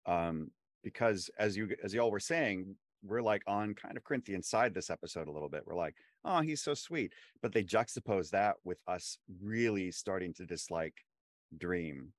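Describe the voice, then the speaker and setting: A man's voice: low-pitched, normal speed, dry recording, studio quality. A man co-hosting a casual TV discussion podcast, building his points with frequent restarts. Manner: animated, restarts often while building a point. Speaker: podcast co-host.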